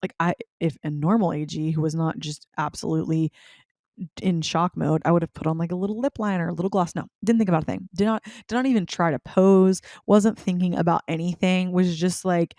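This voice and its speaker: Young woman podcast host, lower pitch, casual and animated storyteller, dry close mic. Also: a little fast, no echo. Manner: chatty, animated, filler-heavy with frequent "like".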